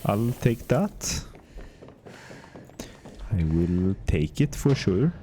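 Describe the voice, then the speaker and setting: A man putting on a deliberately bad Swedish accent in a whispered role-play ASMR voice, soft and hushed with mock-formal wording. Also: fairly low pitch, very animated, slight background noise, exaggerated voice. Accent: put-on Swedish.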